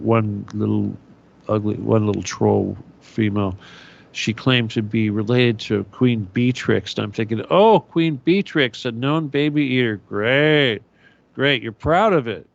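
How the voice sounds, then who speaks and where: Male host, gravelly, ranting and sarcastic monologue, lo-fi dull audio. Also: medium pitch. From United States. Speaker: radio show host. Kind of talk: conspiratorial monologue.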